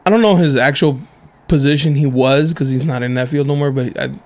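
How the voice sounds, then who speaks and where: A man co-hosting a podcast, telling stories in a loose, swearing, laughing way, his voice a bit deeper from covid. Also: a little fast. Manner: animated, swearing, laughs often, mimics people in stories. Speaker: podcast co-host. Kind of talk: casual chat, storytelling.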